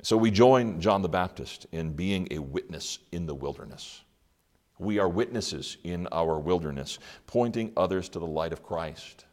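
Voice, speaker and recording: Male pastor, deep voice, sermon delivery with pointed questions and long pauses. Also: animated, darkish tone. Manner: dramatic pauses, rhetorical questions. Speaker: preacher.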